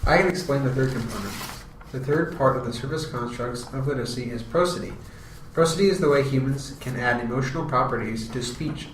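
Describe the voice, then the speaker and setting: A man reading a scripted class presentation in a steady, explanatory way. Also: medium pitch, a little fast, reverberant, far from the mic, a little hiss or hum, poor audio. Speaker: student presenter.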